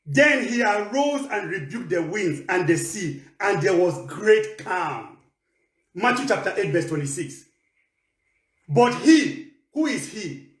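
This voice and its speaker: A man's voice: high-pitched, big pitch swings, takes it slowly, echoey room. A man preaching a sermon with emphasis, repeating key phrases to drive them home.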